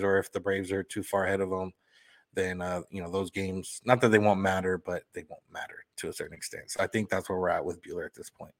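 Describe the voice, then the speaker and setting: A man co-hosting a sports podcast talks through his analysis casually. He thinks aloud and often leans on "you know" as he works out his point. His voice sits somewhat low. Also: a bit bright. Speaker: podcast co-host.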